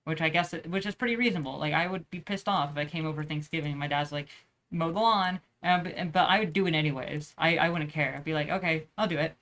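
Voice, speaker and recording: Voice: mid-range voice, fairly even intonation, fast talker, hardly any pauses, a bit bright. A young adult vlogger chatting casually while drawing, rambling with lots of swearing and restarts. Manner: rambling, profane, many restarts.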